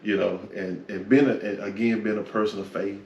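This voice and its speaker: Man in his 40s, very low voice, reflective testimony, echoey room, mic set back. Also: level tone, brisk. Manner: reflective storyteller, peppers talk with "man" and "you know". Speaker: interview guest. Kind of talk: personal faith testimony interview. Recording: echoey room, from far off, faint noise.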